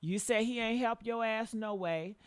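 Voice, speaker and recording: A woman hosting a reaction commentary with a hoarse voice, talking in a blunt, profane and preachy way. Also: a little high, normal speed, dry recording. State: hoarse from yelling. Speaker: commentary show host.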